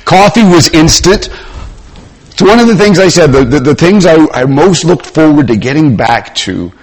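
Husky-voiced man preaching a sermon. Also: fairly high pitch, lively intonation, moderate pace. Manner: conversational, swings between loud emphasis and quiet asides.

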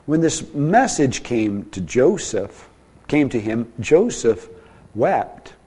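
A male pastor delivers a sermon in a slow, husky, sing-song voice. His delivery is dynamic, moving between soft, low stretches and emphatic, raised ones.

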